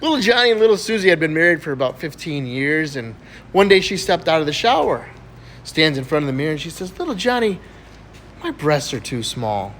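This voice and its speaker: A man's voice: fast talker, a little hiss or hum. A man telling dirty jokes, acting out the characters with sudden leaps in his voice. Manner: animated, voices characters with big pitch jumps. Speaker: joke teller.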